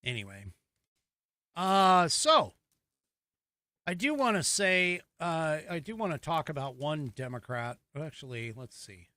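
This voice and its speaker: American male podcast host, high, bright and dry, combative mocking commentator. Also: big pitch swings, measured pace, dry recording. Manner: combative, mocking, rising emphatic delivery. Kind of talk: solo political commentary.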